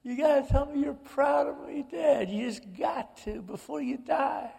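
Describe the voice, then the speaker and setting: A man's voice: animated, moderate pace, vocal fry, darkish tone, slightly rough, big-room sound, heavily acted. A man in his sixties putting on the voice of a distraught woman pleading with her dying father. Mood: screaming, pleading. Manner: shrill, desperate pleading.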